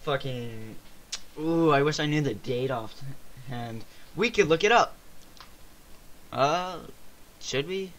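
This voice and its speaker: A man's voice: fairly high pitch, lively intonation, slow, long pauses, fairly bright tone. A young man co-hosting a casual podcast, rambling and swearing, his voice cracking often. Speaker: podcast co-host. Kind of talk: casual chat.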